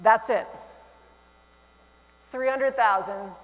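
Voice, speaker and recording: A woman giving a conference keynote on stage, lively and humorous, with animated asides. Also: fairly high pitch, slow pace. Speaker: keynote speaker. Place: large conference hall, on stage. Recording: long hall reverb.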